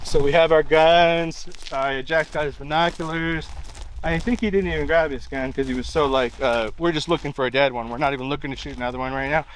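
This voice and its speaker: A man's voice: fairly high pitch, fairly quick, a little hiss or hum, rough recording. A man telling what happened while standing outdoors in woods, rambling and pointing things out with lots of "like". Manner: rambling, full of "like" and pointing "right here". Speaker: eyewitness recounting a hunt. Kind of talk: casual on-location retelling. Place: outdoors in a wooded area.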